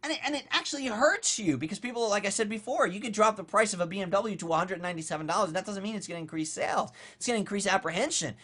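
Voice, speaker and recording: A man coaching on online marketing in a casual, blunt monologue, animated and conversational, with offhand swearing. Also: sits high, racing, hardly any pauses.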